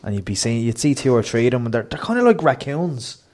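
A man's voice: mid-range voice, big pitch swings, fast talker, a little mellow. A man on a live podcast from a hotel, telling rambling anecdotes in casual chat.

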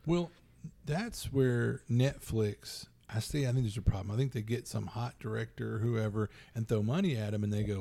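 A man co-hosting a podcast in casual, rambling chat, getting animated when he acts out quotes. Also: lowish voice, normal speed, creaky. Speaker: podcast co-host.

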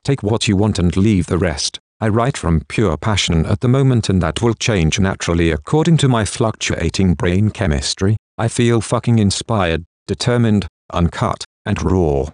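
A man's voice: deep voice, lively intonation, normal speed, few pauses, darkish tone, no room sound, studio quality. A man reading a memoir aloud in a blunt, confessional way, swearing freely. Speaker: memoir narrator. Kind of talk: scripted audiobook narration.

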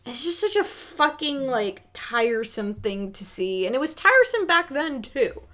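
A woman's voice: high voice, sing-song, normal speed, fairly bright tone. A woman co-hosting a podcast, chatting casually and frankly about a film, with lots of filler words and the odd swear. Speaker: podcast co-host. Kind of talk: casual film review chat.

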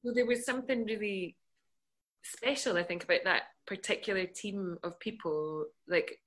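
A woman's voice: mid-range voice, moderate pace, a bit bright. A woman chatting thoughtfully in a casual interview over a video call, laughing easily. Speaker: guest actress.

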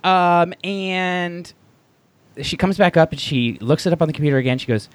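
A man co-hosting a podcast, chatting casually and telling stories in a playful, animated way. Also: high-pitched, normal speed, clear, resonant tone, dry recording. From Texas, USA. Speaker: podcast co-host. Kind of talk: casual chat.

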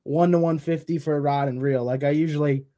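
A man guesting on a podcast, answering questions in an easygoing, relaxed way. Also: fairly high pitch, a little fast. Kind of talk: casual chat.

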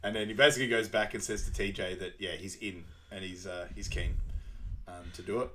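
A man's voice: sits low, fairly even intonation, fairly quick, a bit bright, slight background noise. A man co-hosting a podcast, chatting casually over a video call, rambling loosely and laughing often. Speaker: podcast co-host. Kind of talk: casual chat.

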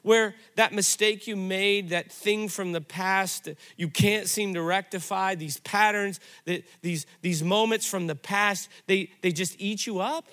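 A middle-aged man pastor giving a sermon, telling stories in an animated, conversational way. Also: high voice, measured pace, few pauses.

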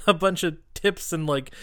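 A man chatting on a podcast, retelling scenes with a voice that swings high and low as he acts out the characters. He swears freely and keeps things loose and animated. The sound is dry and close. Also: no echo. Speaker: podcast co-host. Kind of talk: casual podcast recap chat.

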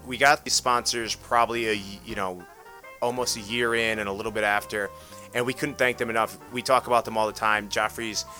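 A man's voice: fairly low pitch, fairly even intonation, a little fast, bright, forceful tone, soft background music. A man hosting a casual podcast, chatty and full of restarts as he wraps up the show. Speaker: podcast host.

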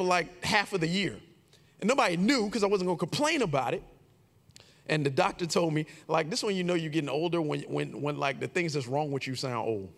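A man in his forties preaching a sermon, telling a personal story with animated, shouted quoted lines. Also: fairly high pitch, vocal fry, in a large hall. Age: 40s. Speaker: pastor.

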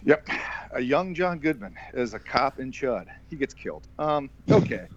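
A man's voice: medium pitch, big pitch swings, moderate pace, dull audio, a little hiss or hum. A man hosting a casual movie podcast, joking around and tripping over his words now and then. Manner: jokey, stumbles and repeats words. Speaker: podcast host.

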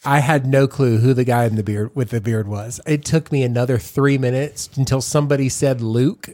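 Man, East Texas accent, podcast co-host, playful and animated, mid-range voice. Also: medium pitch, normal speed. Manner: joking, teasing, animated retelling. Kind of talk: casual chat.

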